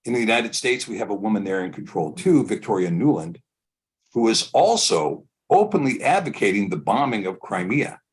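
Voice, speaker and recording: A man hosting a live online show, giving discursive, opinionated commentary and building his points slowly. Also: lowish voice, very animated, slightly rough. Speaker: host.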